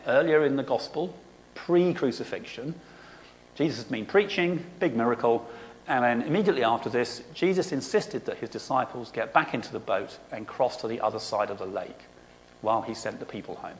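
Guy preaching, relaxed and chatty, keeps saying okay, a little background hiss. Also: medium pitch, poor audio. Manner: conversational, often says "okay". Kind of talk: sermon with scripture reading.

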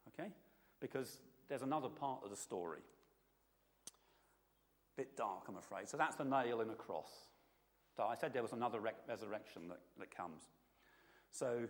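A man preaching a relaxed, chatty sermon, his voice gravelly with a low rasp. He keeps turning to his listeners with quick asides and questions. The sound rings out with the long echo of a large hall. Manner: conversational, asks the audience often. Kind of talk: informal sermon.

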